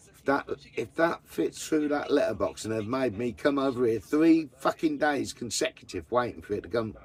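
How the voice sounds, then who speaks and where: A man's voice: medium pitch, lively intonation, moderate pace. A man chatting casually to camera about his camper van, blunt and full of swearing. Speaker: vanlife vlogger.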